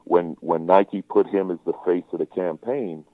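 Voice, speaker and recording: A man's voice: deep voice, steady tone, moderate pace, dry recording, narrow, tinny audio. A man talking as a guest comedian in a casual interview, with a wry, joking manner.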